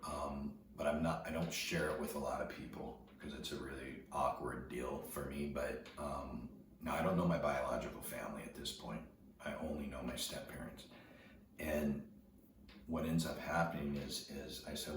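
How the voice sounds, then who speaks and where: A middle-aged man telling a personal story in a halting way, often repeating words as he recalls events. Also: extremely low pitch. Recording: very echoey room, distant mic, noticeable background noise.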